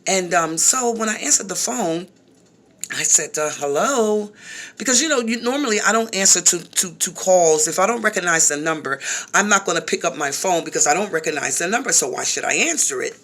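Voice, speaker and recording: Animated woman telling a story. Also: lowish voice, fairly quick. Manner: animated, repeats phrases, frequent asides to viewers. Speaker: vlogger. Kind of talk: casual storytelling vlog.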